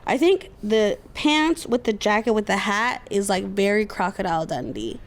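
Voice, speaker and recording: A woman co-hosting a podcast in casual chat, joking and quick with wisecracks. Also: mid-range voice, expressive. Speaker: podcast co-host.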